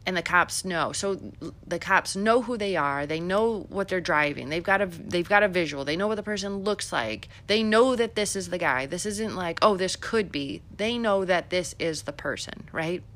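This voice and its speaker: A woman's voice: on the low side, animated, moderate pace, a bit bright. A middle-aged woman from Illinois hosting a podcast, giving chatty, sarcastic political commentary with many fillers. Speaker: podcast host.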